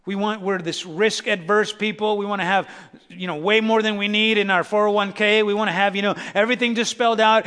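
A man preaching a sermon, swinging between raised, fervent delivery and hushed, intimate asides to the congregation. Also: high-pitched, steady tone, a little fast, clean tone. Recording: long hall reverb.

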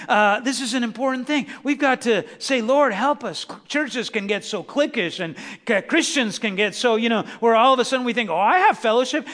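A man preaching a sermon, swinging between raised, fervent delivery and hushed, intimate asides to the congregation. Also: very high voice. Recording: long hall reverb.

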